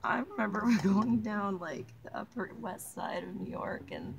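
A woman's voice: mid-range voice, animated, a little slow, vocal fry. A young woman vlogger chatting casually while she crafts, laughing often, swearing and poking fun at herself, outdoors on a mountain. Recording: loud music playing behind. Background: loud music.

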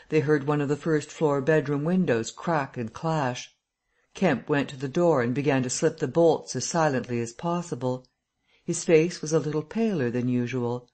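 A man reading a classic novel aloud as an audiobook narrator, in a steady, measured way. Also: on the high side. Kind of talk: scripted narration.

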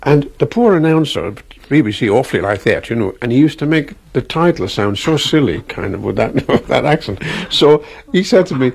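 A man's voice: medium pitch, animated, brisk, creaky, slightly rough. An older man with an Irish accent, chatting about his past and acting out the people he quotes. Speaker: interviewee, singer. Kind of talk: anecdotal reminiscing.

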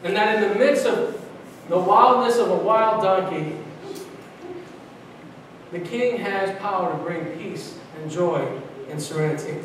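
New pastor preaching, fairly high voice, lots of restarts, big echoey church picked up from a distance. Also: male voice, unhurried, long pauses, slight background noise. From Brooklyn, New York. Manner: animated preaching with frequent restarts and repetitions. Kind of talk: sermon. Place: large church sanctuary.

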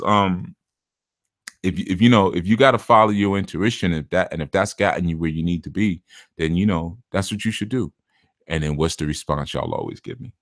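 A man's voice: sits low, a little fast, a bit bright, dry recording, clean studio sound. A man giving a blunt, casual spiritual talk as a reader, acting out the voices of the people who come to him. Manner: blunt, acts out clients' voices.

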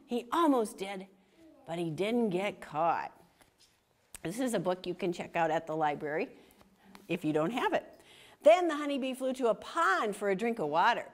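A woman reading a picture book aloud to children, animated and full of questions for them. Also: medium pitch. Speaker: children's storytime reader.

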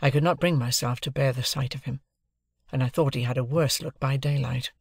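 A man reading a classic novel as an audiobook, with a measured, phrase-by-phrase delivery. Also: medium pitch, steady tone, gravelly, husky, no room sound, studio quality. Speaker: audiobook narrator.

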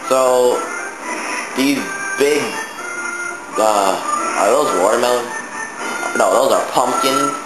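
A man giving rambling, jokey gameplay commentary as a let's play host, with crude asides. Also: medium pitch. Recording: echoey room with game music. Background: game music.

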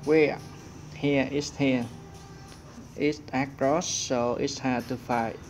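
A man's voice: mid-range voice, steady tone, takes it slowly, over music. A man working through an English workbook exercise aloud, thinking as he goes and searching for answers. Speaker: English teacher. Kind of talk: workbook walkthrough lesson.

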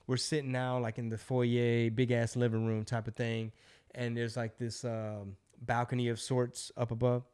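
A man's voice: mid-range voice, moderate pace, clean tone. A middle-aged man hosting a podcast, telling a long story in a loose, profane, casual way. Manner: loose, profane, animated storyteller who acts out quotes. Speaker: podcast host.

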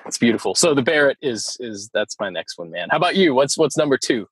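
A man co-hosting a podcast in casual chat, animated and laughing often. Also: mid-range voice, fast, breathy edge, no echo, rough recording. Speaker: podcast co-host.

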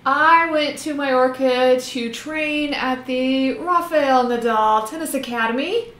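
A woman's voice: high voice, slow pace, fairly bright tone, echoey room. A woman co-hosting a live drawing stream in casual chat, talkative and laughing often, with plenty of ums as she tells stories.

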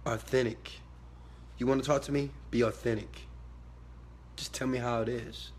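A man giving a motivational talk to his viewers, emphatic and preachy, swinging from quiet asides to loud shouted bursts. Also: medium pitch, steady tone, normal speed, a little hiss or hum. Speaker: motivational speaker.

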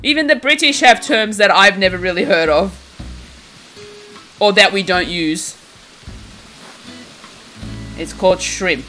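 Bright-voiced woman streamer, giggly. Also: mid-range voice. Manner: chatty, giggly, teasing chat readers. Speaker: game streamer. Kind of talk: casual live-stream chat while playing. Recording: faint game music behind.

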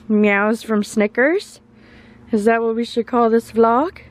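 A woman's voice: medium pitch, expressive, takes it slowly, a little hiss or hum. A young adult woman narrating a casual family vlog to her viewers in a chatty way. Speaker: family vlogger.

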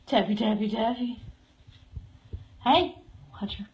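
A woman's voice: fairly high pitch, takes it slowly, darkish tone, highs cut off, slight background noise. A woman giving a live tour of a cat shelter, cooing and baby-talking to the cats as she goes. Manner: coos and baby-talks to cats.

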